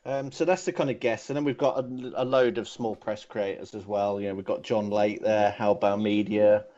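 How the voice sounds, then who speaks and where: A man's voice: fairly low pitch, steady tone, moderate pace, mellow. A man, a convention organizer in casual podcast chat, rambling with many fillers and restarts. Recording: dull lo-fi sound.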